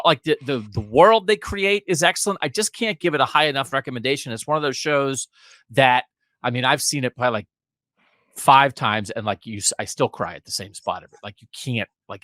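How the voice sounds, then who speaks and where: A man hosting a podcast, talking in an animated, joking and enthusiastic way. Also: medium pitch, dry recording. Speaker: podcast host. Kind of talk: casual podcast chat.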